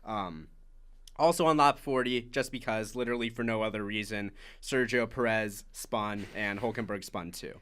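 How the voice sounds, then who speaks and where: A man's voice: on the low side, normal speed, fairly bright tone. A man co-hosting a podcast, casually recapping a motor race lap by lap with lots of "like" fillers. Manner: chatty, many "like" fillers, recapping laps. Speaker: podcast co-host.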